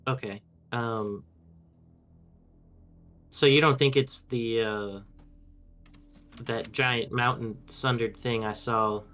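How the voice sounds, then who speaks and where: A male player in a tabletop game chats casually, sounding unsure and full of fillers. His voice sits at an ordinary middle pitch. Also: fairly even intonation, slow pace, pauses often, fairly bright tone, faint music behind.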